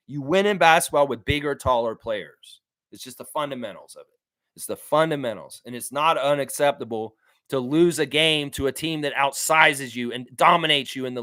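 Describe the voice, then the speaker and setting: A man's voice: fairly high pitch, no echo, clean studio sound. A man hosting a live fan reaction stream, reading chat and answering in a blunt, repetitive way with casual swearing. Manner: blunt, animated, swears freely, repeats himself for emphasis. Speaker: sports stream host.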